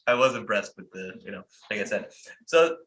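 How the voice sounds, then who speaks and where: A man's voice: lowish voice, expressive, a little fast, fairly bright tone. Profane, rambling American man. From United States. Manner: profane, rambling, heavy on fillers. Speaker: podcast host. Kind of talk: casual storytelling. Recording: roomy echo.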